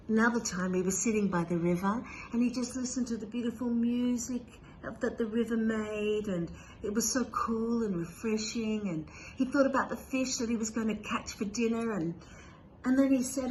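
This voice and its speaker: A woman storyteller telling a tale during a religious service in a gentle, expressive way. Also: a little high, moderate pace, slight background noise.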